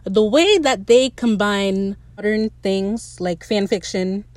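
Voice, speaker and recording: A young woman hosting a casual solo podcast, chatty and excitable as she recaps a show. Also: mid-range voice, slow pace, no room sound. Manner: chatty, excitable, quotes characters in playful voices. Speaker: podcast host.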